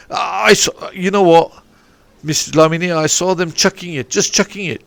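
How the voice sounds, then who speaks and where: The coach, who trains football and rugby players at a sports academy, has a high, gravelly voice at normal speed, captured without echo on a podcast mic. He spins a rambling podcast yarn, often starting over and digressing.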